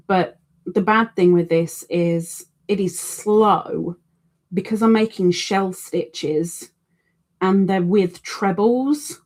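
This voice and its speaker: A woman's voice: on the low side, darkish tone. A middle-aged woman hosting a crochet live stream, chatting casually and self-deprecatingly, reading out viewer comments.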